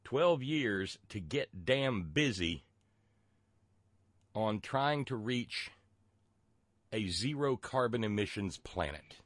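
A man's voice: fairly low pitch, animated, slow, pauses often, a bit bright, no room sound. A man with a Southern US accent from West Virginia, hosting a radio talk show in a folksy, rambling way with many fillers and restarts.

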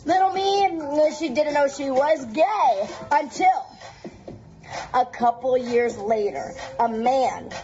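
A woman's voice: high-pitched, expressive, slow, warm tone, lo-fi sound, soft background music. A young woman chatting confessionally about her own past in a personal video.

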